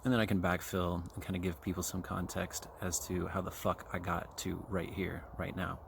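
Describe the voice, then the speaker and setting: A man's voice: sits low, flat delivery, moderate pace, creaky. A man in his forties from Kansas City, hosting a podcast solo, chewing gum and talking casually with lots of fillers and swearing while out on a trail. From Kansas City, USA. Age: 40s. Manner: rambling, profane, with many fillers and asides. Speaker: podcast host. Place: outdoors on a trail. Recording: faint outdoor background noise.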